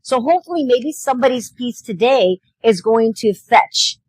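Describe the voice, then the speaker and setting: A woman's voice: a little high, lively intonation, normal speed, darkish tone, husky, no echo, low-quality recording. A woman co-hosting a live local show at an outdoor street fair, chatting casually and laughing often.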